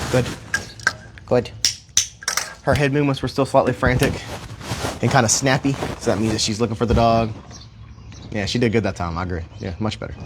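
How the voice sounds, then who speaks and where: A man's voice: on the low side, background noise. A man working as a dog trainer, talking casually and rambling a little in a park, with mild cursing. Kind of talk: casual livestream explanation. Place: outdoor park.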